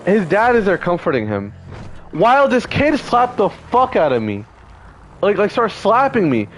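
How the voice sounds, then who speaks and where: Agitated young man, animated pitch. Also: normal speed, slight background noise, poor audio. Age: 20s. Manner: heated, profane, repetitive fillers. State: upset, close to tears. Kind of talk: emotional personal storytelling.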